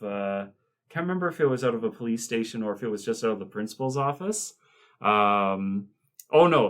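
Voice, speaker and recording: A man co-hosting a podcast, chatting casually and retelling movie scenes in a rambling, animated way. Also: fairly low pitch. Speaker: podcast co-host. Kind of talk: casual chat.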